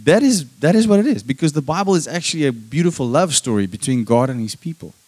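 A man preaching a sermon, emphatic and calling for amens, moving between loud stressed lines and soft hushed passages. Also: fairly high pitch, animated, fast. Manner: emphatic, calls for "Amen?" from the congregation.

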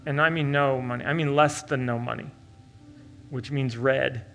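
A male pastor from Oklahoma telling a story in a sermon, animated and swinging from loud to hushed and earnest. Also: medium pitch, normal speed, vocal fry, faint music behind.

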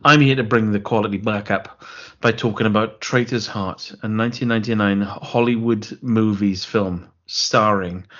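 A man's voice: fairly low pitch, a bit bright, lo-fi sound. A man co-hosting a podcast, rambling sarcastically through a film plot and interrupting himself. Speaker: podcast co-host. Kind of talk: casual film-review chat.

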